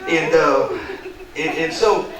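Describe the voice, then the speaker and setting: A man preaching a sermon as pastor, animated and often chuckling as he talks. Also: fairly high pitch, slow pace. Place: large church sanctuary with congregation. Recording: echoey church, distant mic, crowd.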